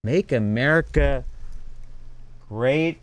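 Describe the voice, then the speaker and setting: A Texan man hosts a comedy podcast, reacting aloud to clips with sarcastic, mock-enthusiastic commentary. His medium-pitched voice moves slowly, and the recording has no echo.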